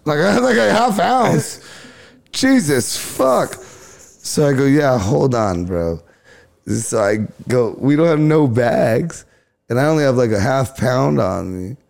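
A man's voice: mid-range voice, vocal fry, a little mellow. A man from Riverside, California, telling a road story in casual chat, laid-back and swearing freely while acting out other people's lines. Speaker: comedian guest.

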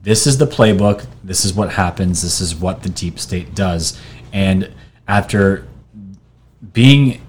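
Man, lowish voice, casual channel commentary, rambling, restarts and fillers, faint background hiss. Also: slow. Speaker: video channel host. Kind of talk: casual commentary reading from screen. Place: New York.

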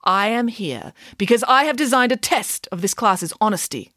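A woman voicing a pompous, ranting male vice principal who punches out his words loudly. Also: medium pitch, expressive, normal speed, no room sound, studio quality, voice pushed up. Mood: blustering. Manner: loud, punchy, indignant.

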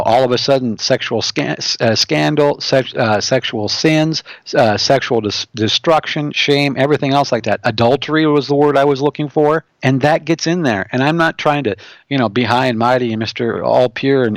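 Earnest preaching pastor, "okay?" "right?". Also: male voice, mid-range voice, dry recording. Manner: earnest, rambling, repeats himself, asks "okay?" and "right?". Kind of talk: preaching on a radio show.

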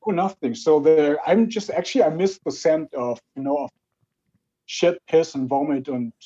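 Mellow husky man on a call. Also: a little high, moderate pace, lo-fi sound. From Germany. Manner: hesitant, self-mocking. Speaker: guest. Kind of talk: casual video call chat. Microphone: video call.

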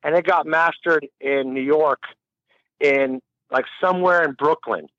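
A man's voice: on the high side, a little slow, fairly bright tone, no echo, muffled recording. A man telling a long, rambling story in a casual interview, laughing and swearing freely. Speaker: musician guest.

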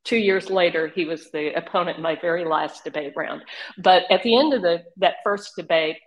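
An older woman with a Southern accent and an Oklahoma drawl, telling animated, laughing stories as an interview guest. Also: fairly low pitch, normal speed, poor audio. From Northeast Texas region. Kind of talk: casual storytelling.

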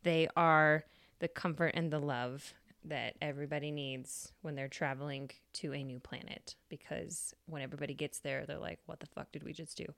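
A woman's voice: low voice, creaky, a bit bright, dry recording, clean studio sound. A woman hosting a podcast, telling a story in a chatty, casual way with free swearing. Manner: chatty, swears freely, laughs. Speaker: podcast host.

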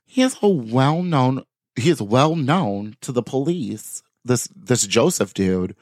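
Slow and expressive, a man with a medium-pitched, darkish voice reads news articles on his podcast, adding offhand jokes as he chats casually. The recording is dry and studio quality.

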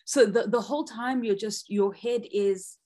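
A woman in her thirties, a podcast guest telling a personal story with lively re-enacted moments. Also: medium pitch, a little slow. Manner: expressive, acts out quoted panic loudly.

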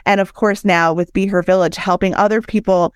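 A woman in her thirties, a doula and founder, telling her own birth story as a podcast guest in an animated, candid way and acting out what people said. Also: mid-range voice, fairly quick, clean tone, dry recording, studio quality. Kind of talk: personal storytelling in conversation.

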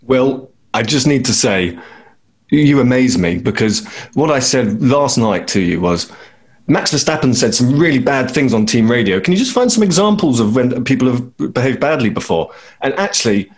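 A man's voice: medium pitch, animated, normal speed. A man hosting a podcast panel, wryly steering the conversation. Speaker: podcast host. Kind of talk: casual chat.

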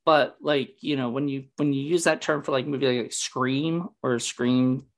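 A man hosts a casual movie podcast, talking at an average pitch. He rambles, keeps restarting sentences and leans on fillers as he goes. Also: fairly even intonation, measured pace. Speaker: podcast host.

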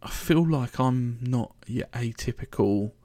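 A man from London speaks with a London accent as he hosts a solo podcast, rambling casually and cracking jokes in a monologue. He's unhurried, with a mellow, medium-pitched voice in a dry recording.

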